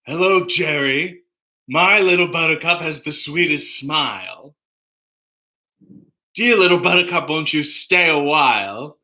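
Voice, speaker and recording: Dude doing a smug sitcom neighbor guy, sing-songy, bright. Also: a little high, a little slow, heavily acted.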